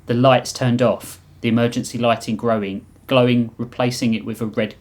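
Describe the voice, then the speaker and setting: A man's voice: medium pitch, little pitch movement, normal speed. A man on a podcast reading his own comic sci-fi story aloud, often chuckling at his own lines.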